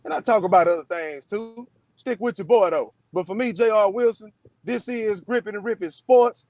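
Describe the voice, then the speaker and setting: A man's voice: high voice, normal speed, darkish tone, dry recording. A man hosting a casual sports podcast, loose and slangy, full of "man" and "y'all".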